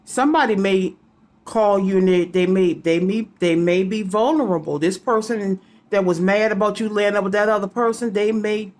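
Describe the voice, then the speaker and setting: A woman's voice: medium pitch, normal speed, a little mellow. A woman giving a casual psychic reading to her viewers, rambling and repeating names and letters aloud as she goes. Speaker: psychic reader.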